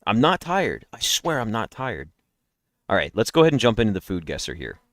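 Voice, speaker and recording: Lively, low-voiced man rambling on a stream. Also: brisk, no echo, clean studio sound. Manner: rambling, talkative, chatty with viewers. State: yawning. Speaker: live streamer playing daily guessing games with chat. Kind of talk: casual live-stream chat. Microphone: headset.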